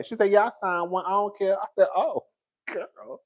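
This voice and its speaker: A man talking casually to his viewers as a pop culture commentator, in slangy, animated speech and often laughing as he riffs. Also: high voice, moderate pace.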